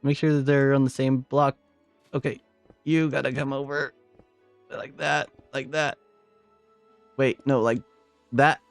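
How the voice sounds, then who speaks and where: A man giving live gameplay commentary as a streamer, excitable, repeating short phrases and exclaiming often. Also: medium pitch, a little slow, creaky, long pauses, no echo, soft background music. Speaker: game streamer.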